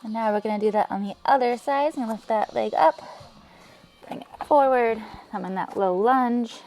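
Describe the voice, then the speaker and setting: A woman leading a yoga class, giving calm, encouraging cues with soft breathy asides. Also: a little high, moderate pace. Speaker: yoga instructor. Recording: music playing faintly behind.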